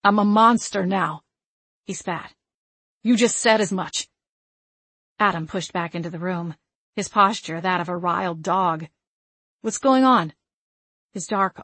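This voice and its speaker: A woman narrating a first-person novel with an expressive, emotional reading. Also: medium pitch, no room sound. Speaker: audiobook narrator.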